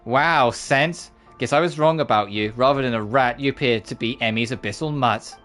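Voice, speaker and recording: A man's voice: medium pitch, moderate pace, a bit bright, soft background music, natural voice. A man doing a scornful old granny. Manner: cutting and mocking. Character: sharp-tongued, scornful old granny innkeeper. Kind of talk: reading game dialogue aloud with voices.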